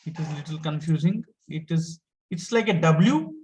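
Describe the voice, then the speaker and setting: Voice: medium pitch, normal speed, a little mellow, low-quality recording. A teacher, giving an online lesson step by step and patiently repeating each point.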